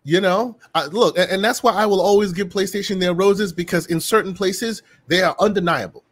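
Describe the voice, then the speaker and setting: Man, podcast host, higher voice, dry close sound, chatty, lots of restarts. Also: brisk, breathy edge, dry recording. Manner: animated, chatty, many fillers and restarts. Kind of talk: casual gaming podcast chat.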